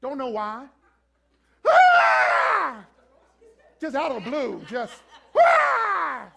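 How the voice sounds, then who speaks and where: High-pitched guy preaching a funny story to his church, super animated, and-and-and bursts, acts out screams. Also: a little fast, creaky, background noise. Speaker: pastor. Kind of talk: comic sermon storytelling. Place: church before a congregation.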